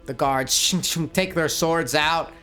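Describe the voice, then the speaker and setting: A man narrating his solo tabletop role-playing game and reading out rules, who gets excited by dice rolls. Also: on the high side, takes it slowly, faint music behind. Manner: excitable, laughs at dice results.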